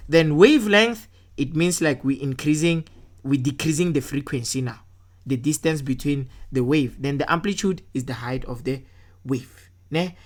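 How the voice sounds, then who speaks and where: Casting note: woman, very low voice, patient science tutor walking through test answers, keeps asking "right?". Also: moderate pace. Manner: checks in often with "right?"; talks through worked answers step by step.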